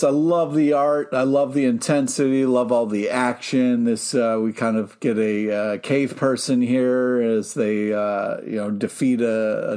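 A man's voice: mid-range voice, a little mellow. A man co-hosting a comic book podcast who gushes about the books and swears casually. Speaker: podcast co-host. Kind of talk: casual comic review chat.

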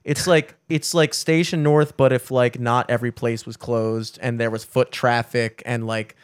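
A young man hosting a podcast, telling stories in a rambling, animated way with plenty of swearing. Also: medium pitch, normal speed, clean tone, no echo, studio quality. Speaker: podcast host. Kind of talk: casual chat.

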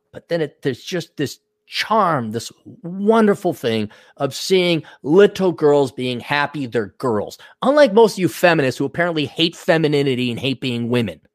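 A man's voice: on the high side, no room sound, studio quality. Crude, ranting man on a livestream. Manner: crude, ranting, mimics voices in quotes. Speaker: show host reading superchats. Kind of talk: rambling livestream monologue.

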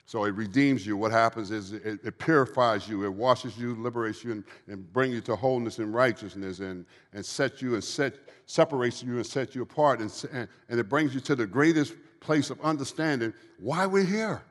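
A man in his fifties giving a preaching testimony to a live audience, telling his story quietly and then urging the crowd on with fervor. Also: brisk, few pauses. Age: 50s. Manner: low, quiet storytelling that swells into fervent exhortation. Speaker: guest speaker giving a testimony. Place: large hall with an audience. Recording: long hall reverb.

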